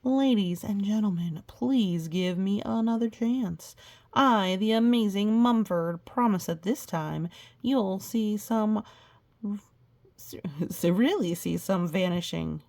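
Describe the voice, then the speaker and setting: A woman's voice: mid-range voice, slow, darkish tone. A woman reading the part of a pompous, bungling male stage magician from a children's storybook, in a grand announcing manner. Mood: grandiose.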